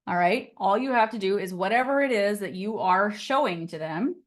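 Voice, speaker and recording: A woman's voice: mid-range voice, expressive, moderate pace. A woman teaching a casual live online class on real estate, chatty and upbeat and often laughing, on a computer mic over a video call.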